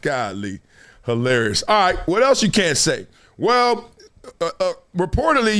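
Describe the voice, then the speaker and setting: Animated male live-stream host, lively pitch. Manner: animated, laughing, mocking impressions. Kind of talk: casual live-stream commentary.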